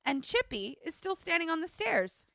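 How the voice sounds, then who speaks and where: A bright, sharp-toned young woman tells a movie story over a close, dry podcast mic. She is an animated storyteller who keeps slipping into quick voices for the characters. Her talk is casual and full of fillers. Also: extremely high pitch, vocal fry, no echo. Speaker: podcast co-host. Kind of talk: casual chat retelling a film plot.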